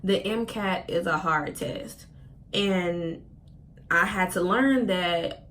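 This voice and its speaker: A woman's voice: slow pace, a little hiss or hum. A woman in her twenties telling a story on her vlog, casual and profane, acting out her own quoted words, at times close to tears. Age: 20s. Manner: casual, profane, expressive with slang; acts out her own quoted lines with big pitch jumps. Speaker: vlogger.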